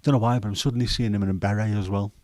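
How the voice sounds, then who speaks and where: A man in his fifties with a Scouse accent and a hoarse throat, hosting a casual chat livestream in a rambling, jokey way with many fillers. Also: fairly low pitch, steady tone, very fast, darkish tone, dry recording. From Liverpool, England. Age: 50s. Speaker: livestream host.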